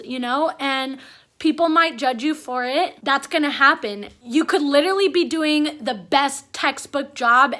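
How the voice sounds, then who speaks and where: A young mother talks straight to her camera at home, rambling from one thought to the next. Her voice sits high and sounds bright and clear. She comes across as chatty and openly emotional. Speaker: mom vlogger. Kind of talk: casual chat to camera.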